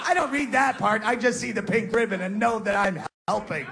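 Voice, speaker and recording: A man's voice: high-pitched, a little fast, creaky, very noisy. A man doing a profane, sarcastic stand-up rant in front of a live audience. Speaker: stand-up comedian. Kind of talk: stand-up comedy set. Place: live comedy venue with audience. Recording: live stage recording with crowd.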